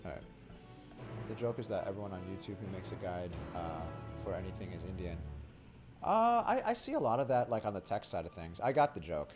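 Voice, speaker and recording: A man's voice: low voice, sing-song, brisk. A young man streaming a video game, chatting casually in a rambling, joking way full of "like" and crude humor. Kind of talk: casual live-stream chat while reading game dialogue. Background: game music.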